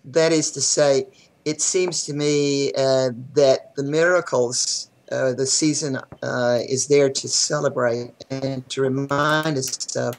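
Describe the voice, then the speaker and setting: A woman guest on a video call, talking in a thoughtful, measured and wry way with frequent hesitations. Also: very deep voice, fairly even intonation. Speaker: guest author on religion. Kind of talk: casual conversational interview.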